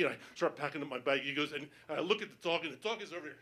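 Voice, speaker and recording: A male stand-up comedian telling a story on stage, acting out the voices of other people and building up to panicked shouting. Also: a little high, very fast.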